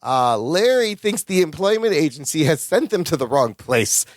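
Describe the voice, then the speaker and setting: Animated high-voiced man recapping a sitcom. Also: normal speed, dry recording. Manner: animated, acts out character voices while recapping. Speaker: podcast co-host. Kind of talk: casual chat recapping a sitcom.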